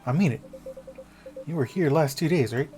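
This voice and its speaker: A man's voice: on the high side, moderate pace, dark tone, faint music behind, natural voice. A man voicing a cheerful male police officer with a put-on Southern drawl, joking and breezy. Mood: earnest. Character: cheerful male cop, coffee shop regular.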